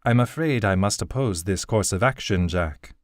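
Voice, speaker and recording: A man voicing an old, fatherly elven king and seer who speaks in a measured, grave way. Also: lowish voice, lively intonation, no room sound, clean studio sound, lightly acted.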